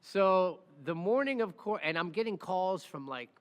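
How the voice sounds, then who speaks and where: A man who works as a criminal defense attorney and hosts a podcast, telling stories in an animated, casual way. He keeps asking "right?" and acts out the people in his stories. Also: high-pitched, unhurried, smooth, big-room sound. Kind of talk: casual storytelling chat.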